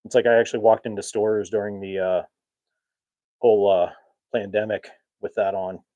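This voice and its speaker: A low-pitched man hosting a laid-back podcast, rambling through loose stories with frequent chuckles. He jokes at his own expense. The recording is close and dry, with no room sound. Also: flat delivery, normal speed, mellow, dry recording, muffled recording. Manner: rambling, chuckles often, self-mocking humor. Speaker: podcast host. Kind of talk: casual chat.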